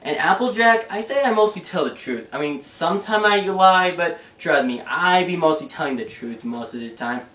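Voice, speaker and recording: Rambling excitable young man, roomy sound. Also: fairly high pitch, normal speed, hardly any pauses, far from the mic. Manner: rambling, excitable, lots of fillers and restarts. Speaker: YouTuber answering fan questions. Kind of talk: casual vlog chat. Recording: roomy sound, away from the mic.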